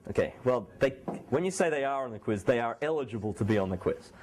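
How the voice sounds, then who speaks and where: A man's voice: medium pitch, animated, fast, a little mellow. A man giving a university math lecture in a classroom, his voice a little sore, talking in a loose conversational way with frequent restarts. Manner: conversational, restarts and self-corrections. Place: lecture hall.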